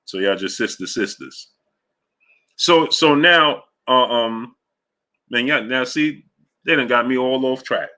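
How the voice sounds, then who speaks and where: A man hosting a casual boxing livestream, rambling loosely between fan shout-outs and fight talk. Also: medium pitch, slow pace, pauses often. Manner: loose, rambling, drifts off track. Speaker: host of a live boxing show. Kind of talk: casual livestream chat reading super chats.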